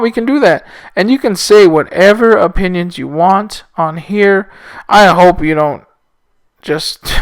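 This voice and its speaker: A man's voice: fairly high pitch, smooth, no room sound. A young man hosting a casual solo podcast, rambling and self-mocking with loose, profane asides. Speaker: podcast host.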